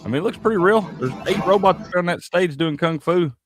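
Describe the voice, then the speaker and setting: A man's voice: sits high, animated, a little fast. A man co-hosting a sports talk show, chatting casually with easygoing, joking reactions. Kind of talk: casual chat.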